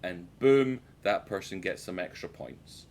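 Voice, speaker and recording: A man's voice: deep voice, a little slow, a little mellow. A British man streaming a game, rambling and joking with his chat and swearing freely. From United Kingdom. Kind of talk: casual gameplay commentary.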